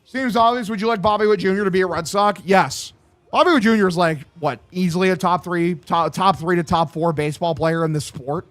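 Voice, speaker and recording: A man's voice: sits high, brisk, fairly bright tone, faint music behind. A young man streaming a baseball video game, calling plays like an announcer and ranting bluntly with lots of swearing. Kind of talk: casual gaming stream commentary.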